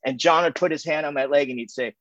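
A man's voice: a little high, fast, a bit bright, no echo, dull audio. A man telling his recovery story at a meeting in a loose, rambling way, with lots of fillers and restarts and frequent laughs. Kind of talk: casual personal story share. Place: home via video call.

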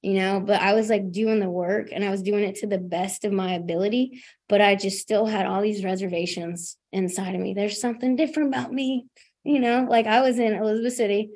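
A woman's voice: medium pitch, fairly even intonation, a little fast, darkish tone. A young woman telling her recovery story at a meeting in a casual, self-deprecating way, full of "like" and "you know". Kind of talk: candid personal share at a recovery meeting.

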